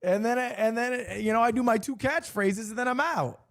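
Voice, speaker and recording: A man's voice: very high-pitched, normal speed, gravelly, a bit bright. A young man chatting casually on his stream, rambling and self-mocking, laughing often. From United States.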